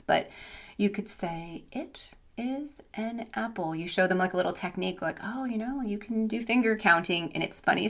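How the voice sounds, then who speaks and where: Young american woman vlogging about her online classes, chatty and animated, lots of "like", mid pitch. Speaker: online English teacher. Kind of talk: casual vlog storytelling.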